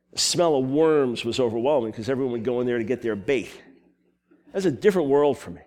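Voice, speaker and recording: A man from New York with a New York accent, preaching a sermon full of personal stories, animated and quick with asides. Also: mid-range voice. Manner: animated storytelling, quick asides and self-corrections.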